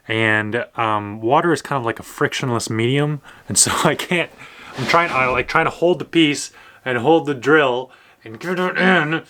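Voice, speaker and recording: A Canadian man who lives on a boat vlogs casually outdoors, out on the water and at a horse paddock, rambling to his camera mic. His medium-pitched voice sounds pushed and bright at a normal speed, and he keeps stopping, restarting, and laughing at his own troubles.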